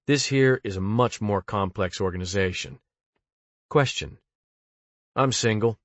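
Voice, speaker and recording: A man with a lowish voice reads an audiobook in a deadpan, conversational way, as if talking straight to an interviewer. The sound is dry and close, with no room around it. The recording is dull and muffled. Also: dry recording. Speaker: audiobook narrator. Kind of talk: audiobook reading of interview monologues.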